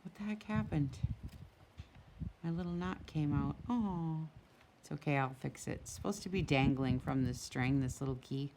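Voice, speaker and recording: A woman's voice: low-pitched, normal speed, a little mellow, a little hiss or hum. A woman who runs a craft shop, casually chatting as she flips through a handmade journal, gushing and full of small asides, recorded outdoors in a breeze on a camera mic.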